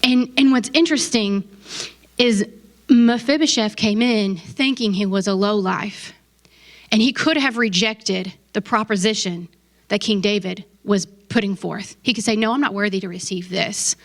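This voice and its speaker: A woman's voice: mid-range voice, measured pace. A woman pastor giving a casual sermon, conversational and emphatic, with asides to her listeners.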